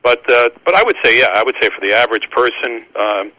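A man's voice: medium pitch, lively intonation, dry recording, poor audio. A man hosting a casual conversation about Christian books, talking with many restarts and repeated words. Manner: halting, many restarts, warm laughter. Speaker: Christian book publisher and podcast host.

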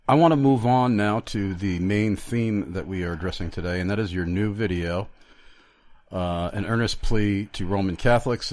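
Earnest low-voiced male radio host. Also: no echo. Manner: earnest, halting, many fillers. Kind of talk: radio interview.

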